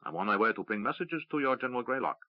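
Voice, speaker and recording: Galen, a man voicing a calm courteous elf. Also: medium pitch, rapid-fire, no echo, lightly acted. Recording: dry, slightly dull audiobook recording.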